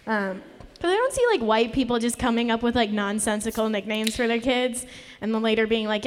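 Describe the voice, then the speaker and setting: A woman's voice: fairly high pitch, animated, a little fast, a little hiss or hum. A young woman doing a live stand-up set, nervous and rambling, self-deprecating, with a voice that always sounds on the verge of tears. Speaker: stand-up comedian. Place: live comedy venue. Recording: live room with long reverb.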